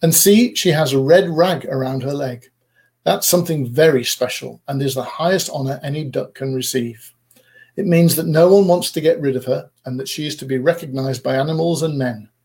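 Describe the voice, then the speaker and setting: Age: adult. Figure: proud, fussy mother duck, put on by a man. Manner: bossy, scolding. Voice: raised and gravelly. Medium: storybook reading. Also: on the high side, moderate pace, darkish tone, close to an everyday voice.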